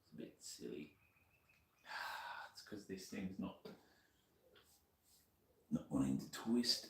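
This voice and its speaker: A man's voice: rumbling low, sing-song, slow, vocal fry, a bit bright, reverberant, a little hiss or hum. A man with an Australian accent chatting casually to a stream while he works on a motorbike, muttering to himself as he goes. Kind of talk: casual live-stream chat while working.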